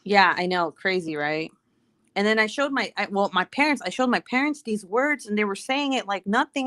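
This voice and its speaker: A woman's voice: mid-range voice, brisk, a bit bright, no echo. A woman in her thirties whose first language is Spanish, speaking English with a Mexican Spanish accent, chatting casually with her stream viewers, rambling, laughing often and swearing freely. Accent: Mexican Spanish-influenced American English. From United States.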